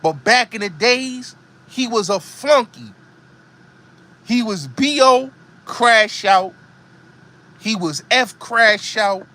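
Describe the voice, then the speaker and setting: His voice sits high, pushed and bright, animated yet slow-paced with long pauses. He's a middle-aged New York-accented host from the Bronx delivering a heated commentary monologue, ranting emphatically and repetitively.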